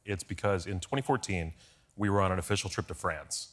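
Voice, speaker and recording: A man guesting on a talk show, telling lively stories in quick bursts. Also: deep voice. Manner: lively storyteller, quick asides. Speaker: guest, former speechwriter.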